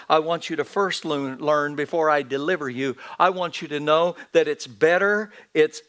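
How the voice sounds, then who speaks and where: Man, pastor, high voice, earnest sermon, repeats phrases, church. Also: a bit bright. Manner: earnest preaching with repetitions and restarts. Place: church sanctuary.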